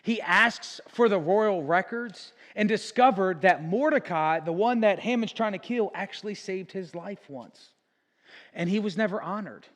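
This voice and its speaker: A man's voice: high-pitched, measured pace, hardly any pauses, fairly bright tone. Brief: male pastor, chatty retelling, self-corrects often, reverberant church sanctuary. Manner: casual storytelling with frequent "like" and self-corrections. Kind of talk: sermon. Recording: long church hall reverb.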